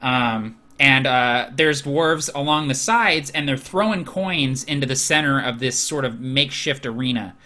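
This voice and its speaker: A man running a tabletop game as game master, narrating casually with lots of fillers. His voice is bright and mid-pitched. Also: unhurried, few pauses.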